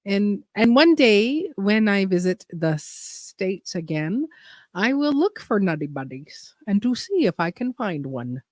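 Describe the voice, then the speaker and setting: A woman's voice: mid-range voice, big pitch swings, a little slow, a little mellow, dry recording, clean studio sound. A woman hosting a gardening channel livestream, chatting casually and rambling as she reads viewer comments aloud.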